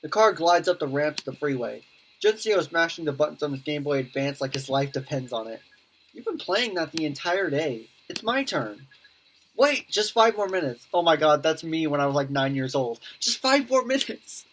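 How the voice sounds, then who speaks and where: A woman's voice: sits low, lively intonation, a little hiss or hum. A woman playing through a visual novel, reading the characters' lines aloud in different voices and breaking off to comment. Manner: reads lines in many voices, quick reactions and laughs. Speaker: gaming YouTuber. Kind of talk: let's play, reading game dialogue aloud with commentary.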